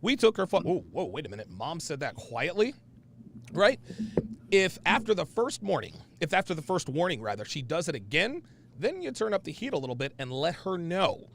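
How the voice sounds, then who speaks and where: A man's voice: on the high side, sing-song, moderate pace, gravelly, fairly bright tone, slight background noise. A man hosting a casual podcast, talking bluntly and emphatically with profanity and restarts. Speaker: podcast host.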